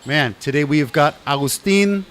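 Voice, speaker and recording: A man's voice: a little high, moderate pace, fairly bright tone, a little hiss or hum. A middle-aged man hosts a casual interview with an upbeat, easygoing manner. He keeps things friendly and chatty. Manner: upbeat, calls guest brother and man. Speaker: host.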